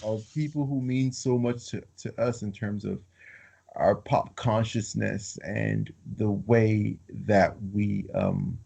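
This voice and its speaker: A man co-hosting a podcast, rambling in casual film chat with many fillers and halting restarts. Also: lowish voice, lively intonation, gravelly, dark tone, husky. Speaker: podcast co-host.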